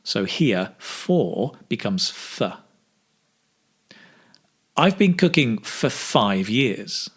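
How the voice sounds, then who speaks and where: A man teaching English speaking, modelling phrases slowly with exaggerated intonation for learners to repeat. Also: mid-range voice, very animated, slightly rough. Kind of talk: slow, clear pronunciation drill.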